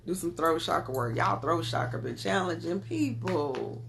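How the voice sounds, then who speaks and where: A woman with a Southern US accent talks loosely to her live-stream audience as she pulls tarot cards, addressing them as y'all and beloved. Her voice sits on the low side with plenty of gravelly fry, over a faint hiss of background noise. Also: expressive, moderate pace. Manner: chatty, calls viewers y'all and beloved. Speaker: tarot card reader. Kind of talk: casual live-stream chat with viewers.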